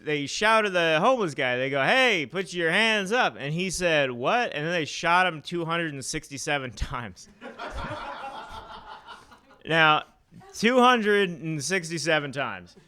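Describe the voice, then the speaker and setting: Bright-voiced male stand-up comic. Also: on the high side, smooth. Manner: deadpan dark jokes with halting fillers. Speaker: stand-up comedian. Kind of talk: stand-up set at an open mic. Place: small comedy club with live audience.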